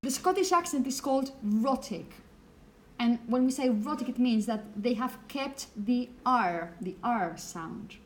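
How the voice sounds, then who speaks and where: A woman giving a classroom lecture, explaining slowly and often checking in with the students. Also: a little high, expressive, slight background noise.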